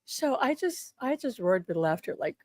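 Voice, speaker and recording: An older woman, a spiritual teacher, tells a personal story on a live stream in a chatty, animated way, often repeating words and saying "like". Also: fairly high pitch, moderate pace, no room sound. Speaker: spiritual healer and angel teacher.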